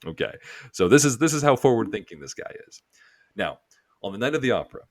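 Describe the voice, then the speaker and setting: Low-voiced man rambling through a recap. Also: sing-song, fast talker, dry recording. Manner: rambling retelling full of "like". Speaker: podcast co-host. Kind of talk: casual episode recap.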